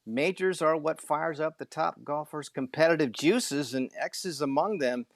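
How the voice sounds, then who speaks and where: A man's voice: a little high, normal speed, no echo. A man co-hosting a sports podcast, chatting casually in a rambling way with folksy joking asides.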